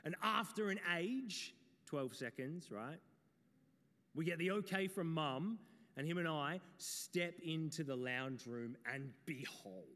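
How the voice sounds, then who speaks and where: A man preaching a sermon, telling stories and speaking straight to his listeners. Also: a little high. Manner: storytelling, animated, addresses the audience directly. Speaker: pastor. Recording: long reverb in a hall.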